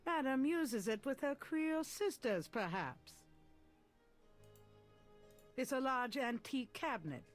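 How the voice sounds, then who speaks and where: A woman giving calm, measured scripted narration of the scenes in a mystery adventure game. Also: high voice, soft background music.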